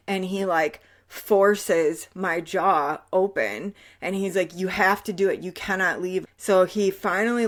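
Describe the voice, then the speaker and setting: A woman hosting her own show and telling her personal story in a candid, slow, halting way that often drops quiet. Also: fairly low pitch. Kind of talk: personal testimony.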